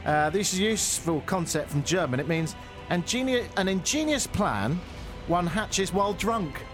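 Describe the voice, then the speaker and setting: Playful man with a lively voice. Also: high-pitched, moderate pace, music in the background. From England. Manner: playful, jokey, stumbles over foreign words. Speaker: radio co-host. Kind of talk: casual radio chat.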